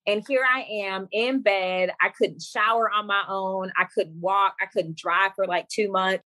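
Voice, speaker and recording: A young woman speaks as a podcast guest, telling a personal story in a casual, lively way. Her pitch sits mid-range, and she jumps up high when she mimics other people. The recording is dry and close, with no room sound. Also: a little slow, no echo. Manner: lively storyteller who acts out quoted dialogue. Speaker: podcast guest, women's coach.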